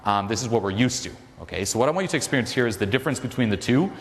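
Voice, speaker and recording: A man leading a seminar, coaching a live audience in a loud, profane, energetic way. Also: mid-range voice, racing, husky. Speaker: seminar leader. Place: large hall with a live audience. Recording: echoey hall with crowd noise.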